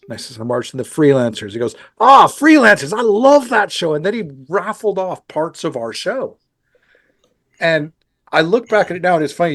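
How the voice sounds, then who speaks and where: Rambling, chatty male podcast host. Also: mid-range voice. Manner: rambling, self-correcting storyteller. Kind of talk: casual interview chat.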